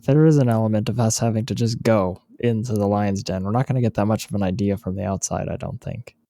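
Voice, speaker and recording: Male player, lowish mellow voice, easygoing, dry sound. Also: fairly even intonation, fast, dry recording. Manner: laid-back, reasoning aloud. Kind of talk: casual tabletop chat.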